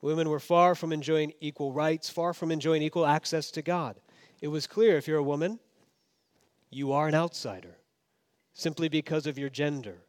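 A man gives a sermon in his role as pastor at a moderate pace, his delivery shifting between emphatic, raised sections and hushed, low asides.

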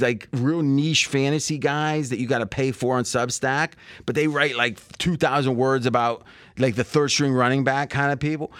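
A man's voice: medium pitch, fairly bright tone, no room sound, studio quality. Rambling male sports betting host. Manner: rambling, thinks aloud with many fillers and restarts. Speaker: podcast host. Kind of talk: casual sports betting chat.

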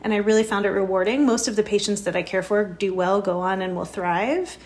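A woman doctor speaking as a guest in a casual interview, calm and measured with hesitant fillers. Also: mid-range voice.

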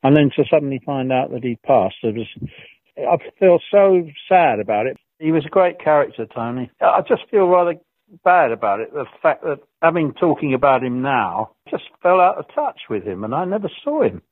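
A man with a slightly raised pitch rambles through old stories, laughing and restarting his sentences. The sound is thin and phone-like. It is close and dry, with no room around it. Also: big pitch swings, moderate pace, dry recording. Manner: rambling, chuckling, with frequent restarts. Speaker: former co-star and guest. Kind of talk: anecdotal reminiscing. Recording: tinny phone line.

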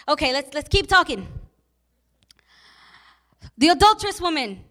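High-voiced, slow, passionate woman preacher. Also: very animated. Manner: passionate, repetitive preaching with rhetorical questions; grows soft and emotional at times. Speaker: pastor. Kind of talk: sermon.

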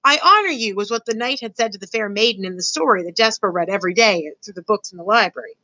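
A woman reading a children's storybook aloud with expressive storytelling. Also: mid-range voice, fast talker, no echo, poor audio. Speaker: student reader.

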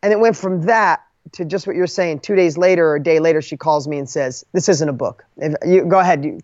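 A man telling his own story as a guest author, emphatic and animated, often restarting his sentences. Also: on the high side, brisk, dry recording, lo-fi sound. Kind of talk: conversational storytelling.

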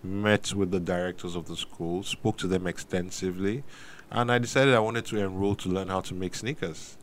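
A man with a fairly low voice, a guest in a studio interview. He recounts his story at a steady, relaxed pace, pausing to think now and then. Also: a little hiss or hum. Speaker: guest, sneaker company founder.

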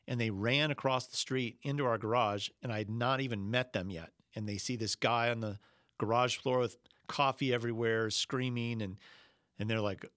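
A middle-aged man preaching a sermon, telling a personal story earnestly and slowing down when he quotes Jesus. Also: medium pitch, steady tone, fairly bright tone, no echo, studio quality. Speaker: pastor.

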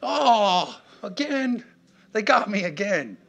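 A man squeaking as a silly talking fish. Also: big pitch swings, slow, fairly bright tone, full character voice. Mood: dismayed. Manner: squeaky, high-pitched, exclaiming.

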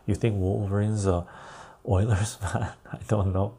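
A man's voice: lowish voice, fairly even intonation, measured pace, vocal fry, dark tone, breathy edge. A man hosting a casual live stream, rambling as he reads viewer comments aloud and answers them. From Canada.

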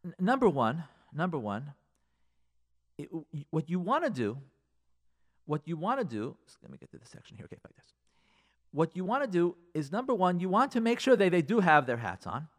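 A man, a rabbi, giving marriage advice in a casual, animated talk full of repeated rhetorical questions. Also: fairly high pitch, brisk.

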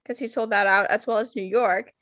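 A woman's voice: medium pitch, fairly even intonation, brisk, fairly bright tone, no room sound. A young woman co-hosting a casual podcast, swearing freely and filling her talk with "like". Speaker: podcast co-host.

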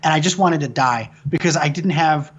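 A man in his thirties from Michigan, a filmmaker guest, speaks at normal speed in a fairly high, slightly rough voice with the highs cut off. In casual talk he tells rambling stories, swearing frequently and restarting his sentences.

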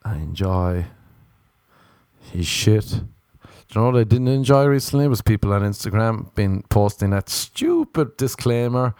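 A man's voice: fairly low pitch, animated, a little slow, a little mellow, no room sound. A young Irish man in a casual comedic rant, swearing a lot, mocking himself and acting out other people's voices. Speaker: comedic monologuist.

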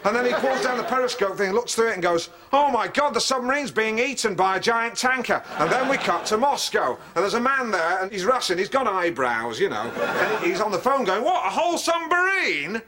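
Alan Partridge, a pompous, squeaky TV host. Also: male voice, brisk, hardly any pauses, noisy background. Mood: excited retelling. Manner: animated storytelling, squeaky exclamations. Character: pompous middle-aged male TV host, excitable. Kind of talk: TV sitcom acting.

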